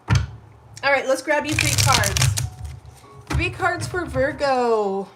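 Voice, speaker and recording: Brief: effusive woman tarot reader on a live stream, bright high voice, faint music under her. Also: animated, slow pace. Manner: chatty and effusive, often says "literally" and "right?".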